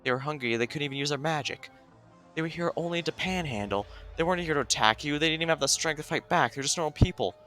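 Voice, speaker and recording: A man's voice: on the high side, quick pace, pushed and bright, soft background music, pitched above the performer's own voice. A man voicing a guarded young woman investigator, reading a game story aloud in a brooding, suspicious way. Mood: accusing. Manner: brooding, suspicious, then accusing.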